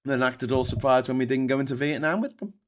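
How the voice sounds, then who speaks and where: A British man hosts a live show and reads out viewer comments between rants. He swears freely, talks in an animated way and keeps tripping over his words and restarting sentences. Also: mid-range voice, fast. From Britain. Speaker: host reading viewer comments.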